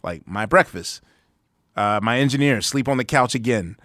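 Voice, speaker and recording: A man's voice: mid-range voice, lively intonation, normal speed, a bit bright, dry recording, clean studio sound. A man hosting a podcast in casual chat, telling rambling anecdotes full of "like". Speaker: podcast host.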